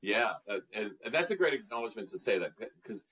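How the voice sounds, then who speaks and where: A man with a low, somewhat husky voice talks as an interview guest. He is earnest and reflective, pausing often with fillers as he searches for his words. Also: big pitch swings, a bit bright. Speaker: guest, emotional intelligence trainer. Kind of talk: interview conversation.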